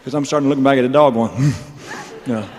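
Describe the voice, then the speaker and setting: A man on a concert stage rambles through a story, cracking jokes and laughing at himself between lines. His voice sits at an ordinary male pitch. A long concert-hall reverb trails after every phrase. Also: steady tone, racing, background noise. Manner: rambling, joking, with laughing asides. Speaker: stage performer. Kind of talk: onstage storytelling monologue.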